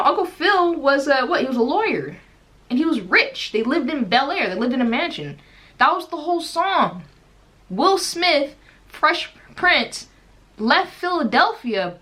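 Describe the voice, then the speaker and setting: Young woman, high and bright voice, animated, rhetorical questions, casual commentary. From United States.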